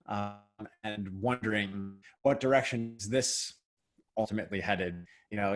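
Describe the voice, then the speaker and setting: Man musing on faith, lower voice, lots of ums, easygoing. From United States. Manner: hesitant, many restarts and fillers. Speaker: church podcast co-host. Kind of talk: casual faith discussion.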